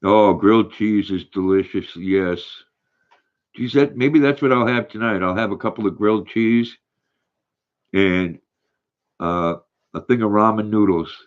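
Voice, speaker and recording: An older man hosts a casual livestream, rambling from one thought to the next. His voice sits low and a little dull, as if through a lo-fi mic. He halts and restarts often while reading comments aloud. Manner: rambling, halting, reads viewer comments aloud. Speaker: livestream host reading chat.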